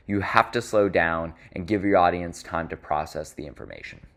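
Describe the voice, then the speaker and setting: A man with a lowish voice teaches vocal delivery to students. His pitch moves a lot, and he speeds up, slows down and drops to a hush for emphasis. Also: vocal fry. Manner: expressive, varies pace and volume for emphasis. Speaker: public speaking teacher. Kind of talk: instructional talk.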